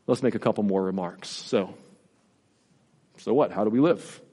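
A man's voice: lowish voice, normal speed, long pauses, mellow, slightly rough, in a large hall. A man preaching a sermon in an earnest, repetitive style with rising emphasis. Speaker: pastor.

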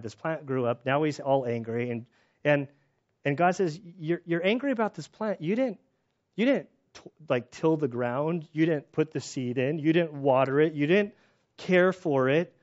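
A man's voice: a little high, moderate pace. Storytelling man preaching, muffled sound. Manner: storytelling, animated retellings with laughs. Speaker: pastor. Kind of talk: sermon.

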